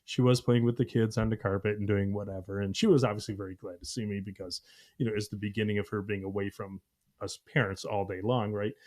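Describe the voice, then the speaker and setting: A middle-aged man hosting a podcast, telling a family story in a lively, laughing way and briefly acting out the voices in it. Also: lowish voice, fast talker. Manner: animated, laughing, acts out voices in his story. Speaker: podcast host. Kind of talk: casual storytelling chat.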